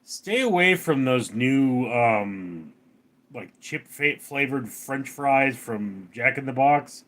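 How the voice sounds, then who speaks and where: A man from Los Angeles chats his way through a late-night livestream, reading viewer comments aloud and answering each one. His pitch swings up and down with lively movement. He rambles in a loose, offhand way and sits at an ordinary middle height. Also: takes it slowly. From Los Angeles, California. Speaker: livestream host reading chat. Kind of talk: casual livestream chat. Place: outdoors at night.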